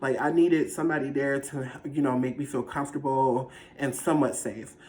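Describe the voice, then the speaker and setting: A vlogger casually telling a personal story in a dramatic, animated, slangy way. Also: medium pitch, moderate pace. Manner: slangy, conversational.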